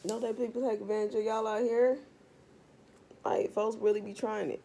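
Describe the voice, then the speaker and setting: This tarot reader speaks straight to her viewers in a casual vlog, ranting bluntly and with plenty of profanity. Her voice is a little high and dark in tone, with little pitch movement and a moderate pace.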